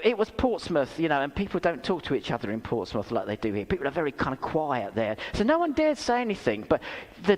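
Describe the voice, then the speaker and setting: A man preaching a sermon in a church, telling stories with self-deprecating humour and asking rhetorical questions. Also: high-pitched. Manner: animated storytelling with rhetorical questions. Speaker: pastor. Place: church hall. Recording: reverberant church hall.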